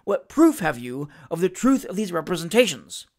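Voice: mid-range voice, big pitch swings, moderate pace, darkish tone. A reader voicing a pompous, flustered male country magistrate in an audiobook, stern and blustering with some stammering.

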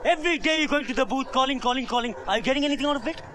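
A man's voice: extremely high pitch, very fast, bright, forceful tone. An actor playing a bitter, self-loathing young son who rants and repeats himself at his mother in a film drama.

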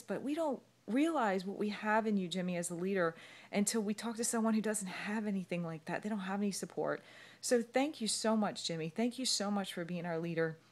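A woman talking from her bed at home into a phone camera, rambling and emotional as she holds back tears. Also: mid-range voice. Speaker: fitness coach. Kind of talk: emotional video message.

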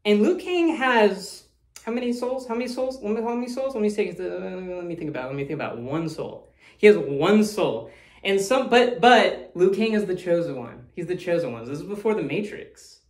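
A man's voice: high voice, expressive, fairly quick. A man talking casually as the host of a movie review, rambling, swearing freely and laughing often. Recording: roomy echo.

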